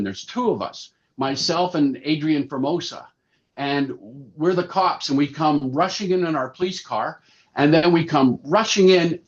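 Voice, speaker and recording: A man in his sixties, a puppeteer and actor, chatting through animated anecdotes as a podcast guest. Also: a little high. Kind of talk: casual interview storytelling. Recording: slightly dull lo-fi sound.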